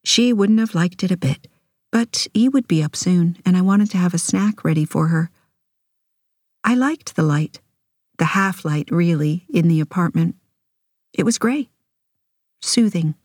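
Low-voiced woman narrating an audiobook. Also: lively intonation, darkish tone, no echo, studio quality. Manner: measured, intimate first-person storytelling.

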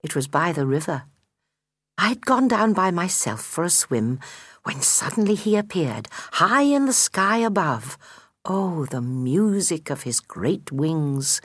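A woman voicing a gentle, secretive mother goose who speaks softly and confidingly, in a storybook reading. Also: low voice, very animated, a little slow, breathy edge, no room sound, clean studio sound, exaggerated voice. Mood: dreamy. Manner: soft, confiding, partly whispered.

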